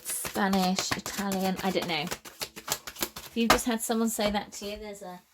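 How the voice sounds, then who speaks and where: A British woman doing a casual tarot reading, talking in a meandering, musing way with frequent fillers and soft laughs. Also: mid-range voice, fairly even intonation, a little slow, heavy background noise. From United Kingdom. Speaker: tarot reader.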